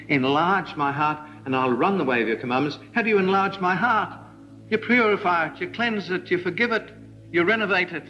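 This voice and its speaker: A man preaching a sermon, animated, with ironic asides and emphatic rises. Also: on the high side, highs cut off. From Australia.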